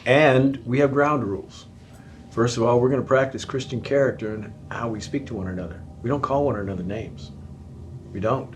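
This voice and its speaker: Animated man pastor, faint hiss. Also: mid-range voice, moderate pace. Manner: animated, jokes about his own loudness. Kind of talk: conversational Q&A on marriage.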